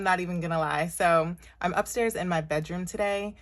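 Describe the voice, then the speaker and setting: A woman's voice: fairly low pitch, fairly even intonation, normal speed. Chatty woman counting cash aloud. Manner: chatty, talks to viewers as y'all, counts money aloud. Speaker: budgeting vlogger. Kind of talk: casual chat while counting cash. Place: her bedroom upstairs at home.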